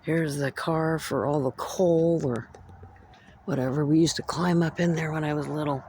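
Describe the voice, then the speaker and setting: A woman from Central California vlogging on a handheld phone outdoors at a train station after dark, musing aloud as she describes what she sees. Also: sits low, fairly even intonation, moderate pace, a little hiss or hum. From Central California, United States. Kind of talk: casual walking vlog, narrating what she sees.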